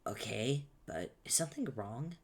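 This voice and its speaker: A man's voice: medium pitch, big pitch swings, moderate pace. A man voicing a cheerful, naive teenage boy, upbeat and a bit puzzled, reading a webcomic aloud.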